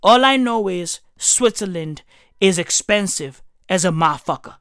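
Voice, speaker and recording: A woman's voice: lowish voice, expressive, normal speed, fairly bright tone, clean tone, no echo, studio quality. A woman doing a profane comedic rant, heavy on slang, riffing and swearing constantly. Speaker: comedic commentator.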